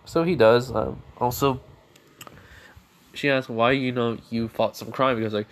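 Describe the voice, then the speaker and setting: A man's voice: medium pitch, steady tone, moderate pace. Rambling man improvising a story. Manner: rambling, full of fillers and self-corrections. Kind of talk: improvised fan-fiction storytelling.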